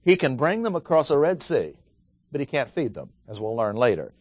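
A man's voice: mid-range voice, very animated, brisk, a little mellow, dry recording. A man teaching a Bible study, talking casually, asking his listeners questions and reading scripture aloud with emphasis. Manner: conversational, asks the audience questions.

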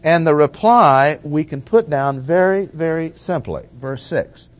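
A man preaching a measured expository Bible teaching, stressing and repeating key phrases. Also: fairly high pitch, lively intonation.

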